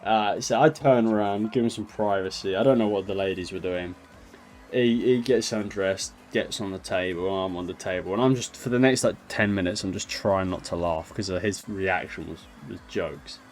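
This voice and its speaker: A man's voice: sits low, moderate pace, soft background music. Chatty young guy telling a story. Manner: chatty, laughs through his story, self-mocking. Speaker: storyteller vlogger. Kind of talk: casual storytime.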